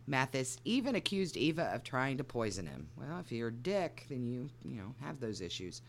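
A woman's voice: very deep voice, sing-song, moderate pace. A woman co-hosting a podcast, trading dry teasing remarks and reading a story aloud with wry asides. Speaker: podcast co-host and story reader. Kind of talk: casual comedic chat and narrating a story.

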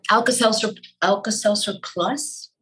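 Husky-voiced Cuban-born actress, emphatic. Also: female voice, medium pitch, unhurried, rough recording. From Cuba. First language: Spanish. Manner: animated, emphatic, repeats key phrases. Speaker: actress guest. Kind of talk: interview conversation.

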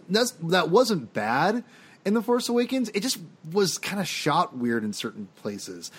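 A man co-hosting a casual film podcast, rambling and opinionated, often restarting his sentences. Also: a little high. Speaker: podcast co-host. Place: home, dog heard drinking behind him.

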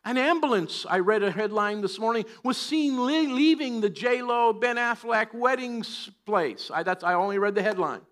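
A man preaching a sermon in church, joking and chatty at times and then rising to loud, emphatic preaching. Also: high-pitched, normal speed, hardly any pauses. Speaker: pastor.

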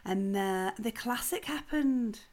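A woman's voice: a little high, animated, slow, darkish tone. A sleep-deprived woman co-hosting a podcast, chatting in a rambling, giggly way. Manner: rambling, giggly, loses her thread. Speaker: podcast co-host. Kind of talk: casual chat.

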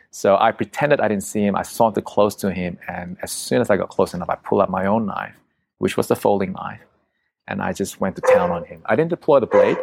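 A man's voice: lowish voice, brisk, vocal fry, a little mellow, breathy edge. A man telling a story in a casual, conversational way, vivid and profane, often acting out what people said. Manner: vivid, profane, acts out quotes.

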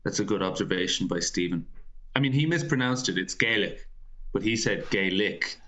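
Irish co-host, dry wry jokes, low but bright voice. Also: male voice, expressive, a little fast. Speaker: podcast co-host. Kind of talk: casual chat.

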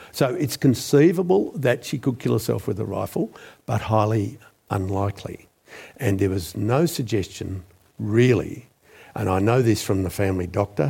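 A man, a former journalist, recounting a story as a guest in a measured, deliberate way. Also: on the low side, gravelly, darkish tone, breathy edge. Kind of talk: storytelling interview.

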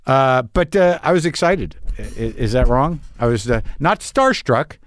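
This middle-aged podcast host speaks in a mid-range, animated voice at an unhurried pace with few pauses. The recording is clean studio sound without echo. His casual monologue is candid, rambling and self-deprecating, with plenty of profanity.

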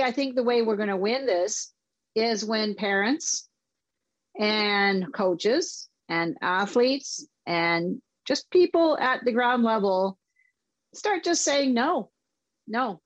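A woman's voice: medium pitch, no echo, highs cut off. A woman from Canada, an author and sports organizer, speaking firmly and resolutely as an interview guest. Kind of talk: interview talk.

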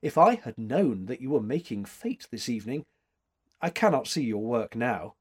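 A man reading aloud, voicing a sixty-year-old woman art critic with a faint foreign accent, brisk and terse. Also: medium pitch, very animated, darkish tone, slightly rough. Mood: crisp, judging.

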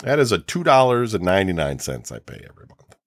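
A man's voice: low-pitched, sing-song, fast, dry recording, studio quality. A man co-hosting a podcast, ranting in casual chat and swearing freely. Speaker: podcast co-host.

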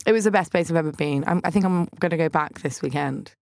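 Over background music, a young woman hosts a podcast, telling funny stories about her week in a chatty comic monologue. Her voice is low, gravelly and fast, and her manner is bubbly and self-deprecating.

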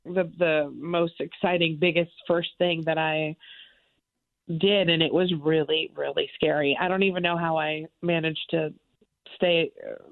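A woman in her forties, a guest on a radio talk show, chatting casually and a bit self-deprecating from Florida. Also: on the low side. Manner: chatty, self-deprecating, acts out quoted voices. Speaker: actress and singer guest. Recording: tinny phone line.

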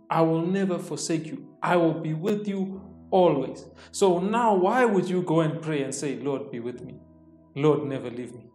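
A man's voice: a little high, darkish tone. Fervent preaching man in an echoey room. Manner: fervent, peppered with amens and hallelujahs. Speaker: preacher hosting a daily devotional. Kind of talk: devotional sermon. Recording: echoey room with faint music. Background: faint background music.

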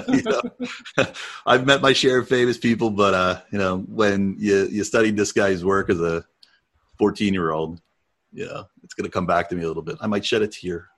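Low, husky-voiced man telling stories. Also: normal speed. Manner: storytelling, animated, laughs often. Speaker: podcast co-host. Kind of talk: casual chat.

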